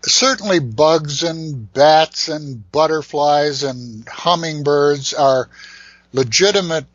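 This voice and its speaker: Older male guest, higher voice, emphatic and indignant, dull dry line. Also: takes it slowly, a bit bright, dry recording. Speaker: beekeeper guest. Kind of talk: forceful interview commentary. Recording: muffled dry remote line.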